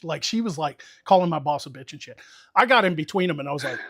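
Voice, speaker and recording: A man's voice: on the high side, animated, fast talker, a bit bright, no echo, clean studio sound. A man casually telling a long, profane story to friends on a stream, talking with lots of energy.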